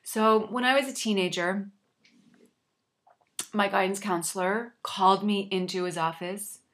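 A woman's voice: medium pitch, fairly even intonation, unhurried, fairly bright tone. A woman coach sharing a personal story in an earnest, reflective way, with a slight frog in her throat. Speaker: life coach.

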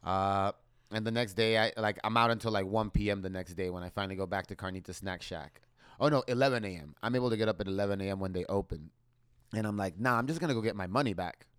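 A young man on a podcast telling a story in casual chat, animated and swearing as he acts out his quoted exchanges. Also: on the low side, quick pace, clean tone.

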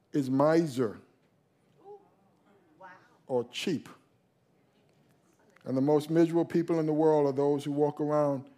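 A male pastor preaching a sermon, emphatic, slowing down and leaning on key phrases. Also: fairly high pitch, mellow.

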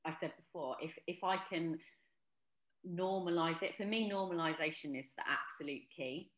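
A woman's voice: fairly low pitch, moderate pace, reverberant. A woman speaking as a podcast guest about mental health, earnest and reflective, with frequent ums and restarts. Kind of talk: casual podcast interview.

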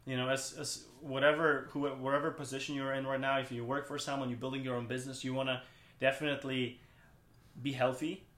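A man talks casually as a podcast guest, circling his points with restarts and fillers. His voice sits at an ordinary middle pitch. The room around him rings with audible echo. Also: little pitch movement, fast talker, fairly bright tone. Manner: rambling, frequent restarts and "like". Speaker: podcast guest, brand co-founder. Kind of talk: casual interview chat.

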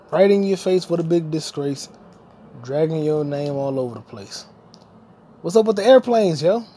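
This man's warm voice sits high as he hosts a podcast. His comedic monologue wanders freely, and he slips back and forth between talking and scatting improvised lines.

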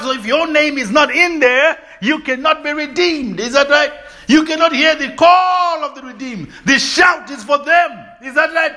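A man with an extremely high-pitched voice preaches a sermon in call-and-response style. He often asks his listeners to agree, breaking into bursts of shouting and laughter.

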